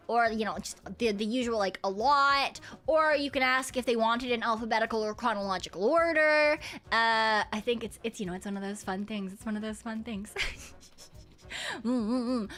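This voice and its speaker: Young streamer girl, kinda high voice, giggly, swears a lot, faint music behind. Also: moderate pace, pauses often, fairly bright tone. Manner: loose and giggly, swears freely, hums while reading chat. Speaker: VTuber streamer chatting with viewers. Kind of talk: casual chat stream.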